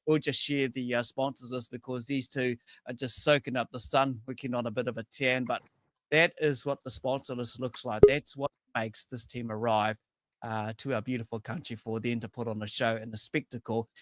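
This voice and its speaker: A man hosting a casual racing chat, jokey and animated, with stumbling starts to his questions. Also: mid-range voice, moderate pace, no echo, studio quality. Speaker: host.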